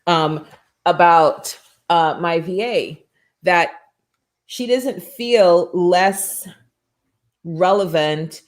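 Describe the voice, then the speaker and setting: Low-voiced woman hosting a motivational show. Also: drawn-out words, long pauses. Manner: animated storytelling with frequent asides and self-quotes. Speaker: morning show host. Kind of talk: casual motivational talk.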